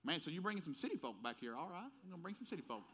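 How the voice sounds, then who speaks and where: A man's voice: on the high side, big pitch swings, racing, sharp tone, breathy edge, voice pushed up, full character voice. A man doing a hyped-up country buddy. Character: excited country good-old-boy high school friend.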